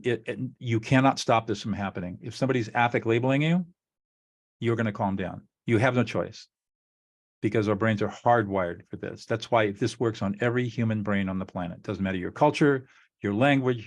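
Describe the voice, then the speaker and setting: A man co-hosting a talk on relationships, explaining a technique in an earnest, methodical way and acting out sample dialogue. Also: fairly low pitch. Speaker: co-host teaching relationship skills.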